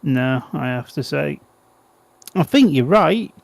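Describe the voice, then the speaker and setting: Gravelly man calling a race. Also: on the high side, slow, no echo. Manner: excitable play-by-play calling with a playful, wry aside. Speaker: co-host. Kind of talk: speedway watch-along commentary.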